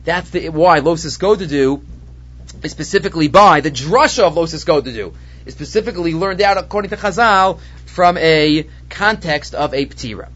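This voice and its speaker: A man's voice: fairly high pitch, moderate pace. A man teaching a Torah class on the weekly portion, mixing Hebrew terms into his English and acting out the voices he quotes. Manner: expressive, acts out quoted voices. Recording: dull lo-fi recording.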